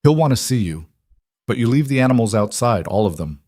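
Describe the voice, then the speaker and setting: A man's voice: mid-range voice, expressive, fairly quick, a little mellow, no room sound, clean studio sound, close to an everyday voice. A man voicing a curt, wary male wolf-shifter guard in an audiobook. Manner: curt, dismissive.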